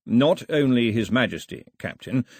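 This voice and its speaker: A grave, authoritative older chairman speaks with measured weight, voiced by a male audiobook narrator. His husky voice moves widely in pitch. The recording is dry and close. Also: animated, a little mellow, no room sound.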